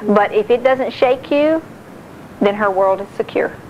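A middle-aged woman giving a sermon-style talk on marriage, animated and acting out quotes. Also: medium pitch, a little slow, dull audio, slight background noise. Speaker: speaker on marriage.

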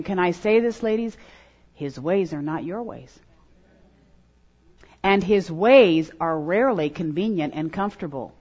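A middle-aged woman preaching a sermon to women, swinging between loud emphatic lines and hushed, prayerful ones. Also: medium pitch, lively intonation, normal speed, slightly rough. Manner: preaching with strong rises and hushed prayerful drops. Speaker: speaker at a women's gathering. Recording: dull lo-fi recording.

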